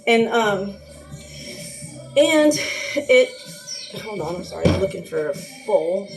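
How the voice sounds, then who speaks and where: A woman's voice: mid-range voice, very animated, slow, vocal fry, over music, rough recording. Chatty woman rambling while cooking. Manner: chatty, rambling, frequent fillers and laughs. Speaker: anxiety vlogger. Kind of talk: casual rambling vlog.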